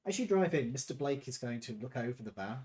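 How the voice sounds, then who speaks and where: A man's voice: medium pitch, expressive, fast, darkish tone. A man running a tabletop game as game master, narrating in a casual, joking way. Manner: casual, swears playfully.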